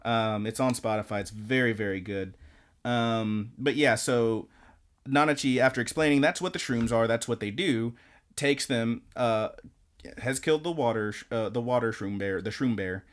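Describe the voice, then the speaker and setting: With a mid-range voice at a moderate clip, a man co-hosting a podcast runs through anime episodes in a relaxed, rambling style. He brings the retelling to life by voicing the characters' lines.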